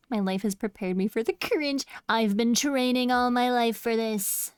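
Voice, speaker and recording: A young woman streams from home and talks casually to her chat, teasing them and breaking into giggles. Her voice sits a little high, and the close mic leaves the sound dry with no room to it. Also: slow pace, long pauses, smooth, dry recording.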